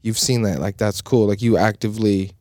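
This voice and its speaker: A man chatting as a podcast co-host, low-voiced and laid-back. He tells stories in loose slang and swears freely. The sound is close and dry. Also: fairly even intonation, fairly quick, darkish tone, no echo. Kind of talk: casual chat.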